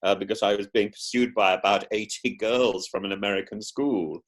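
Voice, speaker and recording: A man chatting as a podcast guest, animated and theatrical, often restarting and repeating words as he thinks. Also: fairly low pitch, brisk. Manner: animated, theatrical, breaks into put-on voices. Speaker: podcast guest, professor and former politician. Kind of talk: casual interview chat.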